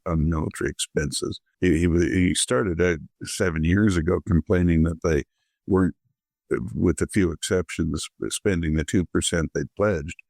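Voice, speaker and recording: Deep, dry-voiced male guest commentator. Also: creaky, darkish tone, no echo. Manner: measured, with frequent restarts. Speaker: guest author. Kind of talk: political commentary in interview.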